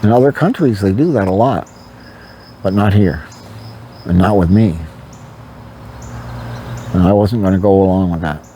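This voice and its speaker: An older man tells a personal story straight to camera in a loose, candid ramble, full of "you know" and "like." His voice sits low and sounds mellow. A faint hiss runs underneath the recording. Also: moderate pace, pauses often. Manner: rambling and candid, with frequent fillers. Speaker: vlogger.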